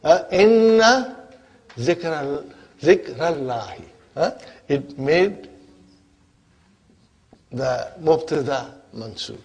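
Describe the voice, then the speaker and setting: A man teaching an Arabic grammar class, speaking slowly and deliberately and often checking that his listeners follow. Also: a little high, lively intonation, darkish tone, breathy edge. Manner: slow, deliberate, constantly checks on listeners with questions.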